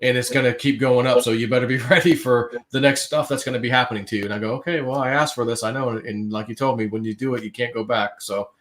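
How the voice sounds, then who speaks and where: A man's voice: medium pitch, fairly even intonation, fast talker, hardly any pauses, fairly bright tone. Man, livestream guest, casual storytelling, rambling, filler-heavy. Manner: rambling, many fillers and restarts.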